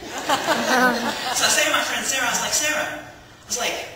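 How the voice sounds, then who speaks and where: A woman tells a personal testimony in a very bright, ringing voice, acting out each exchange like a lively storyteller. She sounds far from the mic in a big echoey hall with long reverb, and faint ambience underneath. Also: a little high, normal speed, some chatter behind, a little hiss or hum. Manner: lively storyteller who acts out dialogue and laughs often. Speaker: speaker giving a testimony. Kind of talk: personal testimony to a church audience.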